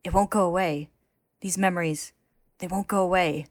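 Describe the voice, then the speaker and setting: A woman's voice: fairly low pitch, steady tone, moderate pace, no echo, clean studio sound, lightly acted. Woman voicing a cocky cold homunculus man. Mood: tormented, snarling. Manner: cool and cocky, snarling when pressed. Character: cocky, cold male homunculus with a snarling edge.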